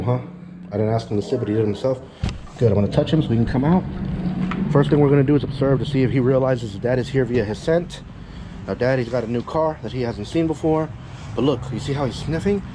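A man with a mid-range voice works as a dog trainer, explaining a session to an owner outdoors by a parking area with cars, against a noisy background. He talks a lot, keeps checking in with "yeah?" and "okay?", and swears casually.

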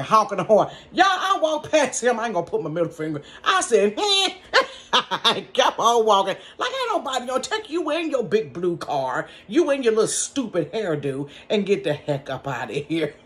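A woman telling a personal story in a casual storytime from her bedroom, animated and laughing, talking straight to her viewers. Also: medium pitch.

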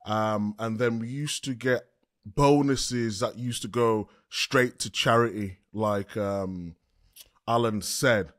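A man's voice: on the low side, fairly even intonation, slow, no echo, studio quality. A man co-hosting a football podcast, chatting casually and enthusiastically. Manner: enthusiastic, loud. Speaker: podcast co-host. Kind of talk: casual chat.

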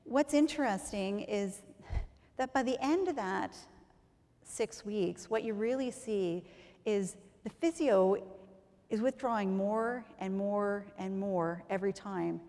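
A woman's voice: mid-range voice, slow pace. A woman giving a chatty conference talk on physiotherapy, sometimes acting out what patients say. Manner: lively, chatty, acts out patient quotes. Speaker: physiotherapist presenter. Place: large conference hall. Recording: long hall reverb.

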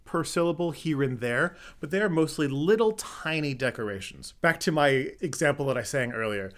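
A man's voice: a little high, animated, normal speed, fairly bright tone. A young adult man hosting a music theory lesson, explaining step by step and now and then singing short examples. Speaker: music theory video host.

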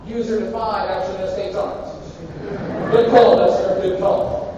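A man's voice: sits high, flat delivery, moderate pace, heavy background noise. A male university professor giving a live lecture, joking irreverently and quizzing his students in a large hall. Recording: echoey lecture hall from far off, dull.

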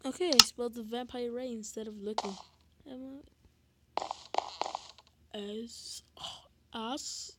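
A woman's voice: fairly high pitch, steady tone, takes it slowly, pauses often, heavy background noise. A woman giving gameplay commentary, giggly and flustered, with many fillers. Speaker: gamer.

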